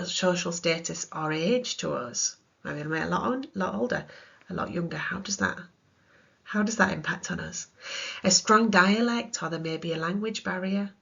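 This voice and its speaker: A woman's voice: lowish voice, creaky, a bit bright, breathy edge. A British woman, a counselling trainer, giving a chatty recorded lesson full of examples. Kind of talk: recorded teaching talk. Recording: dull lo-fi sound.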